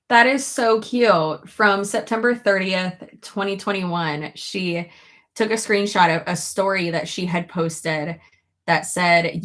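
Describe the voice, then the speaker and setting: A woman's voice: lowish voice, a little slow, fairly bright tone. A young woman chatting casually to her viewers, swearing freely and laughing between stories. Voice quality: gravelly fry. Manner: chatty and profane, giggly asides. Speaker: beauty YouTuber. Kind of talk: casual chat to camera.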